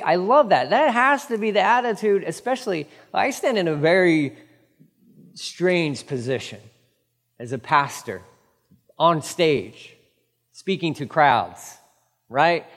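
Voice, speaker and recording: A fairly high-voiced man preaching from a church stage, his words trailing off into a long hall reverb. He tells the story with animated, casual asides and slips into quick impressions of the people he quotes. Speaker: pastor. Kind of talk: sermon.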